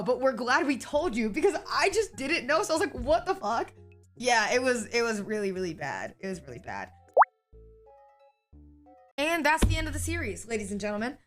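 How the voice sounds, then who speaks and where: A woman's voice: high voice, fairly bright tone. A young woman streamer telling a story to her viewers in a blunt, profane way. She keeps adding a checking "okay?".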